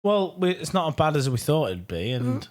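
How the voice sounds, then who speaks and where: Slightly hoarse man chatting on a podcast. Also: on the high side, sing-song. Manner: laid-back, self-mocking, quick laughs. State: slightly hoarse, losing his voice. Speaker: podcast co-host. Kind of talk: casual chat.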